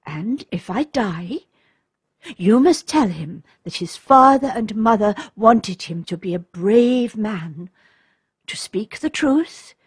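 A woman reading the part of a gentle young widowed princess mother, speaking tenderly and gravely in a soft, husky voice. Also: on the high side, no echo, studio quality, full character voice.

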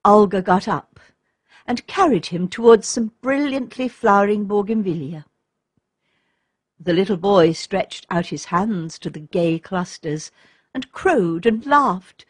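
Slow, husky woman narrating a storybook. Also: mid-range voice, no echo, clean studio sound. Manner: calm, measured reading. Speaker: audiobook narrator.

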